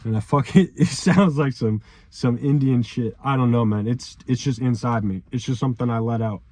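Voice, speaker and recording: A man's voice: mid-range voice, normal speed, a little mellow. A young man giving an emotional, profanity-laced motivational monologue, often ending sentences with "man", with repeated phrases. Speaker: vlogger.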